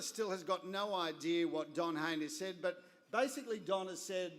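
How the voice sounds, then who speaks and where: An Australian man in his fifties giving a speech at a gala dinner, telling a story with deliberate, wry comic timing. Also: sits high, a bit bright. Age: 50s. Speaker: guest speaker at a gala dinner. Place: large banquet hall. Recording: reverberant hall.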